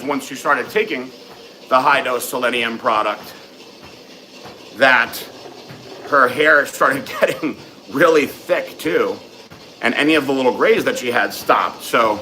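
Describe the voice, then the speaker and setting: A man's voice: mid-range voice, pushed and bright, slight background noise, low-quality recording. A man hosting a casual live question-and-answer session, giving frank, matter-of-fact advice with plenty of ums and uhs. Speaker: host answering viewer questions.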